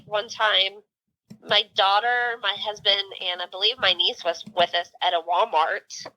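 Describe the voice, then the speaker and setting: Bright-voiced chatty woman. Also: medium pitch, no room sound, poor audio. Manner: animated storytelling, many fillers. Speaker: podcast co-host. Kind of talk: casual chat.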